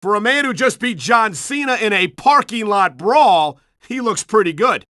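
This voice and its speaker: Earnest excitable play-by-play guy, very high and piercingly bright, bone-dry close mic. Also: moderate pace, dry recording. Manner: earnest, excitable announcer, prim and scolding. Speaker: play-by-play commentator. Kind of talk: pro wrestling video game commentary.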